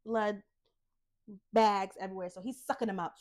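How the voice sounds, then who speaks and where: A woman's voice: medium pitch, steady tone, normal speed, darkish tone. A woman co-hosting a casual book chat, retelling a plot with lots of "like" and acting out the characters' lines. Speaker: podcast co-host retelling a book.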